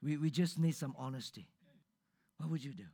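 High-voiced man preaching a sermon. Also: fairly quick, a little hiss or hum. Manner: questions the congregation directly, conversational and lively. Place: church before a live congregation.

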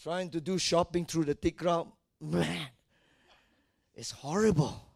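A male pastor preaching a dramatic sermon, swinging from quiet asides to loud shouts and acting out the people in his stories. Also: on the high side, steady tone, slow, vocal fry, dry recording, clean studio sound. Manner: acts out the people in his stories in different voices.

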